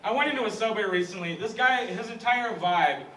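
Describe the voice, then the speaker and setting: A man's voice: sits high, expressive, brisk. A young American man performing a live stand-up set, self-deprecating and chatty with the crowd. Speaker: stand-up comedian. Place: comedy club stage. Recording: echoey room from far off with loud crowd noise. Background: audience laughter.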